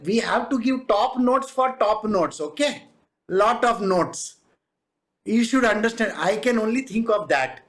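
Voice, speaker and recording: A spiritual teacher with an Indian English accent giving a devotional discourse in a lively, conversational way, often laughing, slipping in Hindi asides and acting out the people in the stories. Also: mid-range voice, a little slow. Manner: animated, acts out quoted people.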